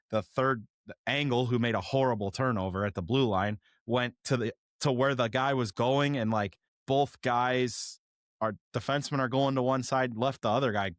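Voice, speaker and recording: A man's voice: medium pitch, fairly bright tone, dry recording, studio quality. A man co-hosting a hockey podcast, talking casually and rambling with lots of "like" and frequent laughs. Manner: rambling, heavy use of "like", laughs often. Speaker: podcast co-host. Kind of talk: casual sports chat.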